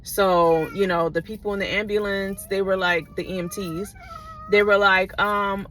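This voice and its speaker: Woman vlogger casual storyteller, mid-pitched, chatty and profane, wanders into sidebars, faint hiss behind. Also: steady tone, normal speed, a bit bright. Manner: chatty, profane, digressive, checks in with listeners.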